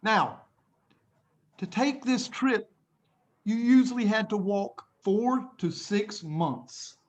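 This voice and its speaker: An animated middle-aged male teacher telling a dramatic story to a class over a video call. His voice sits fairly high for a man, and he leans into the drama, often chuckling. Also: slow. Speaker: English teacher. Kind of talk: storytelling lesson to children.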